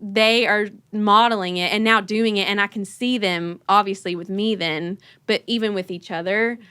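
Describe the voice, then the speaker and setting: A woman, hosting a podcast and telling an animated story, laughing and acting out her kids' voices. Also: medium pitch, normal speed, smooth, dry recording. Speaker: podcast host. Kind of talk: casual conversational storytelling.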